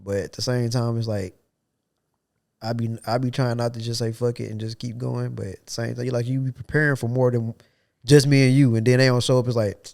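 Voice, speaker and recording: A man's voice: mid-range voice, flat delivery, fairly quick, gravelly, darkish tone. A young man hosting a podcast in casual chat, sounding stuffy and nasal from a cold, with loose, slangy talk. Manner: laid-back, loose slangy talk with frequent "you know what I'm saying". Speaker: podcast host.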